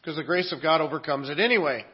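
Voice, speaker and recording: An earnest man preaching, dropping to quiet asides and then rising to loud, emphatic scripture reading. His voice sits a little high for a man. The recording is muffled and lo-fi, like an old sermon tape. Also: quick pace. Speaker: pastor.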